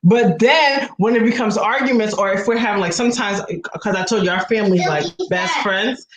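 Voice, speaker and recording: A woman's voice: mid-range voice, fairly quick, echoey room, poor audio. A woman in casual chat, rambling with frequent restarts and acting out what others said.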